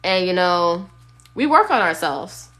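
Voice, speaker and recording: A woman's voice: on the low side, big pitch swings, measured pace, bright, forceful tone. A woman giving a casual, blunt tarot reading on a phone live stream, sometimes singing bits of songs. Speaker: tarot reader.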